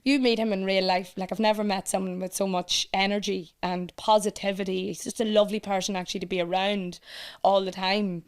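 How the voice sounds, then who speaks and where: An Irish woman talking as a podcast guest about running a competition page, chatty and animated, laughing often. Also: medium pitch, a little fast, smooth. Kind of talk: casual chat.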